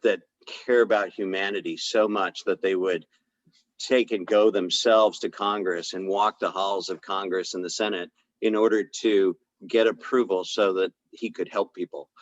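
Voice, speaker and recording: A low-pitched man recounts a story in a loose, conversational way, stopping for fillers and acting out the back-and-forth of the dialogue. His voice sounds close and dry, and the recording is a little dull and lo-fi. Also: steady tone, moderate pace, no room sound. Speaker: chiropractor speaking on a health podcast. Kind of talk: casual storytelling talk.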